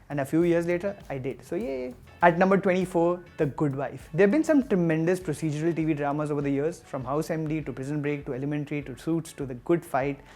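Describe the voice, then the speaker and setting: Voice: mid-range voice, a little mellow. A host of an online TV review show, delivering a scripted countdown with enthusiastic, jokey asides.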